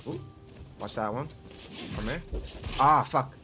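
A man streams himself playing a video game, grumbling and swearing at the enemies as he goes. He talks slowly and in a mid-pitched voice. Loud game music plays under his commentary. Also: animated. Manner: frustrated, swearing, talking to the game. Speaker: gaming streamer. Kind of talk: gameplay commentary.

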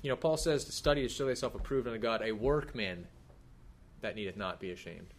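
A man's voice: on the low side, brisk, a little hiss or hum. A man in his thirties preaching a sermon, talking casually and asking the congregation questions. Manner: conversational, animated, asks the congregation questions. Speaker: pastor. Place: church hall.

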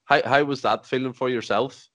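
A man's voice: mid-range voice, steady tone, normal speed, fairly bright tone, no echo, lo-fi sound. A man hosting a podcast, asking long, chatty, rambling questions. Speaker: podcast host. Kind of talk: casual interview questions.

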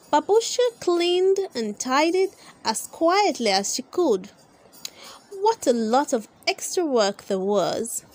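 A woman reading a children's storybook aloud in an expressive storytelling manner. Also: high-pitched. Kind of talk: read-aloud storybook narration.

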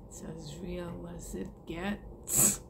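A spiritual vlogger speaks very slowly in a lowish voice with vocal fry and fairly even intonation, over heavy background noise. She delivers an earnest, emotional monologue to her viewers, swearing casually.

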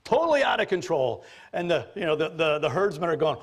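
Brief: male pastor preaching a sermon, somewhat high voice, animated, jokey, storytelling. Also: fast talker, hardly any pauses, slightly rough.

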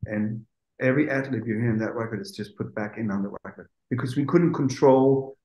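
A man, a music producer, telling animated stories in an interview, acting out quotes and swearing casually. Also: medium pitch, a little fast, echoey room, low-quality recording. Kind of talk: anecdotal interview storytelling.

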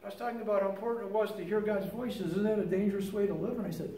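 A man's voice: high-pitched, fairly even intonation, racing, warm tone, reverberant, recorded from a distance, slight background noise, low-quality recording. An older man giving a casual teaching talk on prayer, telling stories with many restarts. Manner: conversational storytelling with many restarts. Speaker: lay teacher.

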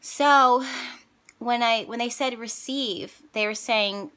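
Woman, bright clear tone, chatty spiritual vlogger, openly emotional storytelling. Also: fairly high pitch, slow pace. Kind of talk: casual storytelling to viewers.

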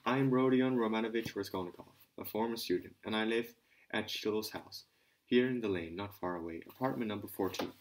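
A man's voice: lowish voice, brisk, natural voice. A man voicing a brooding, aloof young ex-student. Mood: flat. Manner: lazy, pensive delivery.

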